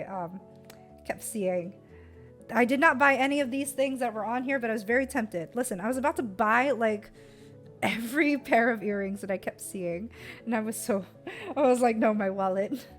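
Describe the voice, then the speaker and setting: Chatty giggly American woman streamer. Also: on the high side. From United States. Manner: chatty and giggly, many fillers. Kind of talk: casual chat about a trip.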